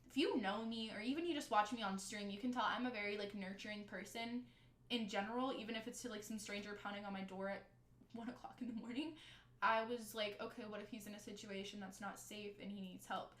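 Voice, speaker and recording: A young woman telling a story from her own life in casual storytime style, animated and swearing freely as she quotes the people involved. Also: medium pitch, quick pace, reverberant, slight background noise.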